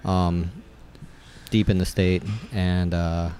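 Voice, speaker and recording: A man's voice: sits low, flat delivery, takes it slowly, warm tone. A middle-aged man telling stories in casual conversation, rambling with many fillers and restarts. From West Virginia. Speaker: brewer and guest.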